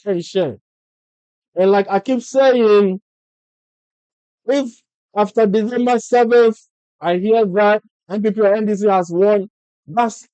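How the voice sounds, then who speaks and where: A man's voice: high voice, warm tone, no room sound, poor audio. A Ghanaian man with a Ghanaian English accent, speaking in an impassioned political vlog monologue full of repeated rhetorical questions. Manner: insistent, repetitive rhetorical questions. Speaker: political vlogger.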